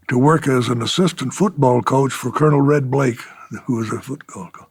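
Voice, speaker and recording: A man's voice: medium pitch, brisk, breathy edge, no room sound. An older man, a retired fighter pilot, telling war stories in an oral history interview, chuckling and acting out the exchanges he quotes.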